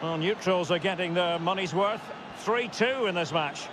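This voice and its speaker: A man playing a seasoned football commentator in a video game, a polished broadcaster who calls the action and rises to loud, excited calls. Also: high-pitched, normal speed, close to an everyday voice. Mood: lively play-by-play. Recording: game audio under loud background noise.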